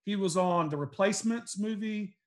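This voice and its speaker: A man's voice: sits high, normal speed. A man hosting a casual chat, laid-back and reminiscing, with casual swearing.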